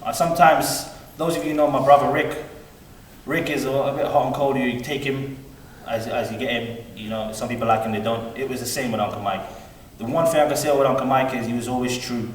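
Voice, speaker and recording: A man's voice: mid-range voice, fairly even intonation, fairly quick. A man giving a rambling, heartfelt eulogy for his uncle, heard from a distance at a funeral service. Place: large hall at a funeral service. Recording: echoey hall, heard from afar, faint room noise.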